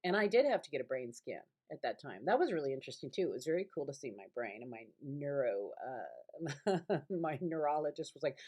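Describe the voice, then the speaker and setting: Low-voiced middle-aged woman lecturing casually. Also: very animated, brisk. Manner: rambling, conversational, with many fillers and restarts. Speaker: college instructor. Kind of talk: recorded online lecture. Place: her family home.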